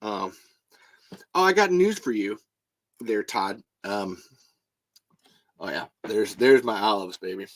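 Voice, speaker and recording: A man chatting casually on a livestream, reading viewer comments and bursting into animated movie-line impressions. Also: fairly low pitch, takes it slowly, long pauses, rough recording. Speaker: show guest and regular.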